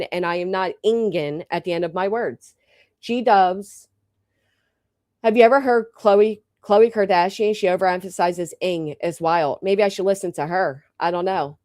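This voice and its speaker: A woman's voice: medium pitch, a little mellow, dry recording. Blunt joking woman host, dry close sound. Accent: local regional American, drops final g. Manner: blunt, joking, swears freely. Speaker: livestream host. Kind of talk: casual live chat with viewers.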